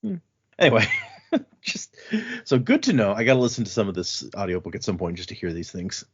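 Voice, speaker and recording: In a lowish, slightly rough voice with huge pitch swings, this male podcast co-host speaks briskly, casually discussing a book, frequently laughing and recounting scenes. The recording is dull and lo-fi.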